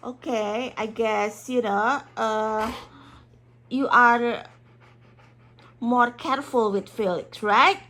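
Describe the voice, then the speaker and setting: A woman's voice: fairly high pitch, steady tone, slow pace, long pauses, fairly bright tone. A young woman chatting casually with her dog, coaxing it with frequent laughs. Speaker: dog owner. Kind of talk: casual chat with her pet.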